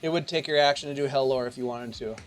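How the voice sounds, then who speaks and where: A man narrating and running a tabletop game as game master, with lively, theatrical delivery. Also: medium pitch, fast talker, soft background music.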